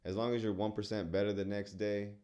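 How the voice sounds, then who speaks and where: Young male musician guest from San Antonio, very deep voice, earnest and reflective, loose with fillers. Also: level tone, fast, warm tone. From San Antonio, Texas. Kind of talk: casual interview chat.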